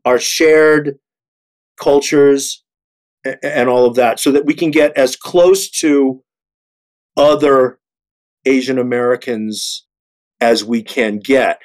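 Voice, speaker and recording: Earnest halting man in his sixties. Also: fairly high pitch. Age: 60s. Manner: earnest, halting with many repeated words. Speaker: actor, panel guest. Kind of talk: panel discussion.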